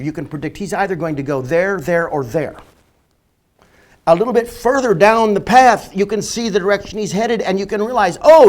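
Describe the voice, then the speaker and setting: Emphatic man lecturing, voice a bit high. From northern Canada. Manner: emphatic, slows down to stress key words. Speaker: marketing educator. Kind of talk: lecture to online viewers. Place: Florida, near the beach.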